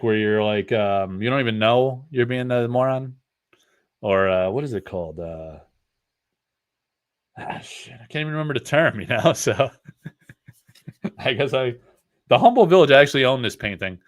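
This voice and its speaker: Opening card packs at home for his channel, a Northeastern U.S. collector talks in a mid-range voice with lively intonation, a moderate pace, and frequent pauses. His casual storytelling rambles, jokes, and slips into trash-talking banter.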